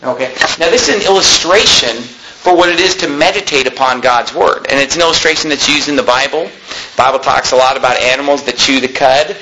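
A middle-aged man preaching a sermon as a pastor, emphatic and slowing down to stress key phrases. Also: on the high side, pushed and bright, slight background noise, low-quality recording.

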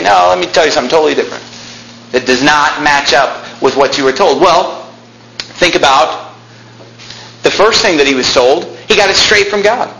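A young man in his twenties preaching a sermon as a pastor, excited and emphatic, often yelling. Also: fairly high pitch, reverberant, rough recording. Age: 20s.

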